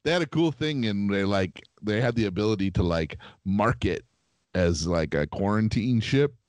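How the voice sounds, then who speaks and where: Low-voiced podcast co-host man. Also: animated, moderate pace, darkish tone, no echo. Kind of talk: casual chat.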